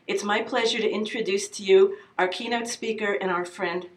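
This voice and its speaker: A woman hosts a conference and reads a formal introduction of the keynote speaker at a steady pace. Her voice comes from a distance and rings in a reverberant room. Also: medium pitch, moderate pace, heavy background noise. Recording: echoey hall from far off.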